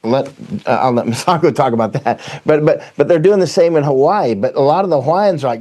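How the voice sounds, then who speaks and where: A man's voice: on the high side, lively intonation, brisk, a little mellow. A man with a Southern US accent, a guest in an interview, telling stories in a rambling way and often restarting his sentences. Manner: rambling, self-correcting storyteller. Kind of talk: conversational interview.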